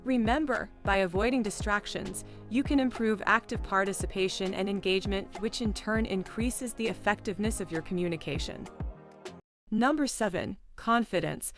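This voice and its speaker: A woman narrating a scripted self-help lesson in a measured, list-like reading. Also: mid-range voice.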